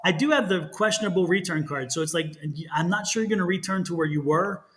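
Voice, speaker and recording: Chatty man with a bright, high voice. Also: fast, low-quality recording. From Texas. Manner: animated, chatty, laughs often, stretches words for emphasis. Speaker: tarot and psychic reader. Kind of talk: live-stream tarot reading.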